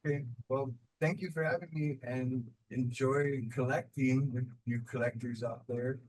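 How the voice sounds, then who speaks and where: A man from New Mexico, an artist guest talking casually on a video call, relaxed and rambling with many fillers and repeated words. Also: medium pitch, moderate pace, poor audio. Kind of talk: casual online talk.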